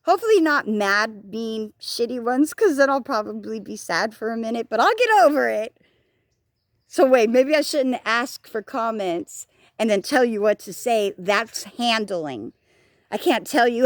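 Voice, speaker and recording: A woman's voice: a little high, expressive, unhurried, no echo, studio quality. A woman vlogging outdoors on a walk, talking frankly and rambling, swearing freely and joking at herself. She says she is hard of hearing. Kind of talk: casual talking-to-camera vlog.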